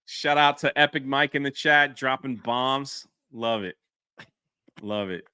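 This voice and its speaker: A man's voice: mid-range voice, a little slow, pushed and bright, clean tone, no room sound, studio quality. A man co-hosting a casual livestream, laughing often while reading out viewer donations and chatting. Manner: giggly, laughs often, reads donor names. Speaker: livestream co-host reading super chats.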